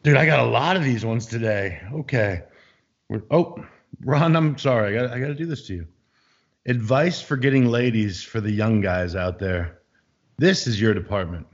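A man's voice: medium pitch, normal speed. A young man co-hosting a podcast, joking and poking fun at himself as he reads out listener questions. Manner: jokey, self-mocking, reads listener questions. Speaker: podcast co-host. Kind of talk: casual chat. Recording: slightly dull lo-fi sound.

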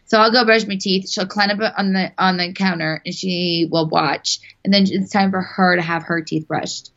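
A young woman talks as a podcast guest, chatty and quick to laugh, dropping the odd swear word. Her voice sits a little low. The recording sounds dull and lo-fi. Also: steady tone, a bit bright. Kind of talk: casual chat.

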